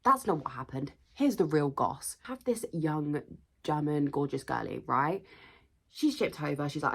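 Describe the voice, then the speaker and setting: A young woman with a husky, low voice tells history like juicy gossip. She is chatty and slangy, tossing in dramatic asides as she goes. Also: very animated, moderate pace. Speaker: history video host. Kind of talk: gossipy casual storytelling.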